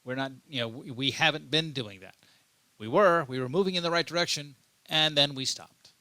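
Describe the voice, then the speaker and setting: Emphatic man with a bright, dry voice. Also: fairly high pitch, moderate pace, no room sound. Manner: repeats himself and restarts often, emphatic. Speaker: political commentary host. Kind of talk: unscripted commentary monologue.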